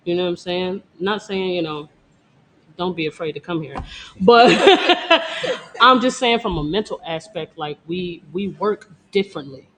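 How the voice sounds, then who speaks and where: A woman's voice: fairly low pitch, animated, unhurried, a bit bright, a little hiss or hum. Casual talk from a woman dancer, cocky and blunt, swears a lot, laughs a lot. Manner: blunt, profane, boastful, laughs often. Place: Detroit.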